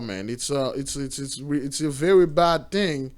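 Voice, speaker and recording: A man's voice: medium pitch, takes it slowly, pauses often. Emphatic man commenting over crowd noise. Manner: repetitive, emphatic, addresses brothers and sisters. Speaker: preacher commenting on news videos. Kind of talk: casual video commentary.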